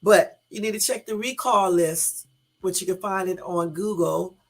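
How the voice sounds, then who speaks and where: A woman with a low-ish voice, speaking at normal speed, hosts a casual YouTube live stream. She reads out the news and talks straight to her viewers, adding emphatic, exasperated asides over faint background music.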